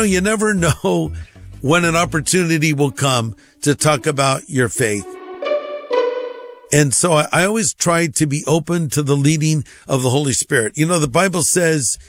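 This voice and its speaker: A middle-aged male pastor telling a humorous personal story, acting out the dialogue in a dry, droll way. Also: fairly high pitch.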